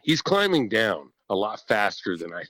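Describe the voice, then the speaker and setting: Animated, profane man telling a story. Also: lowish voice, normal speed, no room sound, low-quality recording. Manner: animated, profane, laughs often. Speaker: podcast guest or host telling a hunting story. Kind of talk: casual storytelling. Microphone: podcast microphone.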